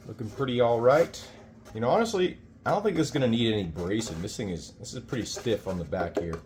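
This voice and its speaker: A man building a guitar, talking casually to camera as he works and thinking aloud with pauses. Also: mid-range voice, expressive, noisy background.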